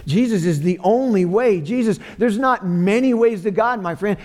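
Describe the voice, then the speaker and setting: A man with a high voice preaches to his congregation. He talks earnestly and repeats key phrases for weight. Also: moderate pace, darkish tone. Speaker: pastor. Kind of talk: sermon.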